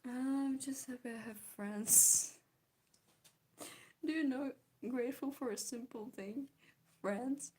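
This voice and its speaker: A young woman chats with her viewers as she draws, answering their comments one after another and breaking into frequent giggles. Her voice sits a little high, with a mellow, slightly husky tone. She talks in an unhurried way. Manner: giggly, chatty, reads and answers chat. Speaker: streamer chatting with viewers. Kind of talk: casual chat while drawing.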